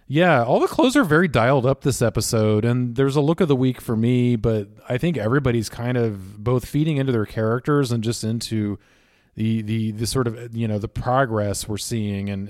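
A man's voice: fairly low pitch, normal speed, darkish tone, no echo, studio quality. A man co-hosting a podcast, talking in a chatty, analytical way with lots of "like" and "um". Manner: chatty, analytical, many fillers like "like" and "um". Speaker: podcast co-host. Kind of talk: casual podcast chat.

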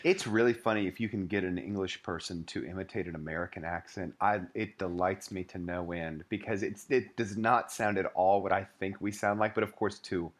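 A man's voice: sits low, steady tone, brisk, few pauses. A man co-hosting a casual book club podcast, wry and thoughtful.

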